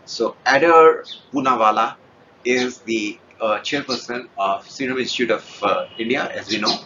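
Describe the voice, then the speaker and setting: A man with a bright, forceful voice walks through a memory technique step by step, pausing often and filling the gaps with hesitant sounds. The recording is dull and lo-fi, with a faint hiss underneath. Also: medium pitch. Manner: hesitant, many pauses and filler sounds. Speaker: memory skills teacher.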